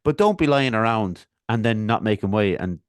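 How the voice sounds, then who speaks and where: A man's voice: fairly low pitch, lively intonation, moderate pace, no echo. Easygoing male podcast host, dry close sound. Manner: easygoing, rambling questions with many fillers. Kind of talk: casual interview chat.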